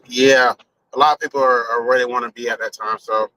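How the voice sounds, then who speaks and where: A man's voice: medium pitch, fairly even intonation, a little fast, pushed and bright, a little hiss or hum, poor audio. A man chatting loosely on a live stream while driving, rambling and swearing casually as he thinks aloud. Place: in a car on a highway.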